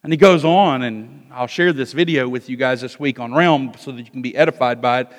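A male pastor preaching an expository sermon, moving between loud emphasis and hushed asides. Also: medium pitch, fairly quick. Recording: long hall reverb.

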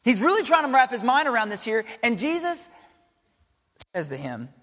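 Male pastor, high voice, expressive sermon delivery moving from hushed to exclaiming, big reverberant sanctuary sound. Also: normal speed. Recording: long reverb of a large hall.

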